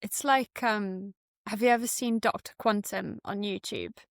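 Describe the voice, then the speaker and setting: A woman's voice: mid-range voice, steady tone, unhurried, no echo, clean studio sound. A woman hosting a podcast, explaining an idea in casual conversation. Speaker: podcast host.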